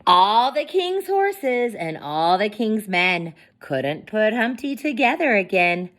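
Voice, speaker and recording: Slow, expressive woman reading to kids. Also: mid-range voice. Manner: expressive, asks listening children questions. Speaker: storyteller. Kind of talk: children's story time reading.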